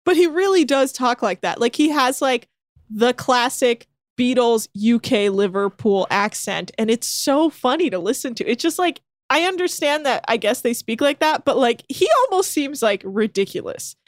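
A woman co-hosting a casual podcast, her voice sitting a little high and bouncing up and down a lot. She chats crassly about a reality show and laughs often. The recording is close and dry. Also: animated, normal speed, dry recording. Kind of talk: casual chat.

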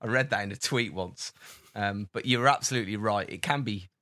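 A man's voice: on the low side, fairly quick, pushed and bright, dry recording, studio quality. A man co-hosting a casual podcast, giggly and playful. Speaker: podcast co-host. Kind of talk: casual chat.

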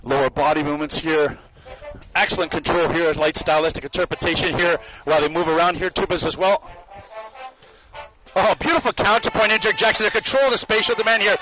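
A man giving running spoken commentary as a marching band judge outdoors on the field, appraising the players with quick bursts of praise. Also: a little high, over music, poor audio. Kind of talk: live judging commentary over a performance. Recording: live brass band loud behind.

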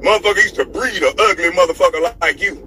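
A man's voice: high-pitched, racing, background noise. Furious man on a profane rant. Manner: furious, insulting, mocking. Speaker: former basketball player.

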